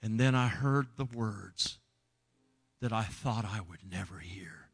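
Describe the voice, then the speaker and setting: A man's voice: on the low side, lively intonation, slow pace, creaky, husky. Man telling an emotional sermon story. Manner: emotional storytelling, swings from hushed to loud. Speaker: preacher. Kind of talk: sermon testimony.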